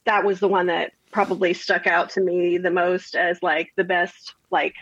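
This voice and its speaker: A woman's voice: on the low side, level tone, moderate pace, a bit bright, no room sound, lo-fi sound. A woman chatting casually on a podcast panel, blunt, with plenty of fillers. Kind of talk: casual group chat.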